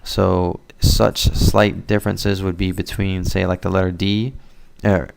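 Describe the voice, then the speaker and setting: A man teaching Spanish in a relaxed, casual lesson, explaining sounds and slowly modeling words for the listener to repeat. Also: low voice, creaky, slight background noise. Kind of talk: casual spoken language lesson.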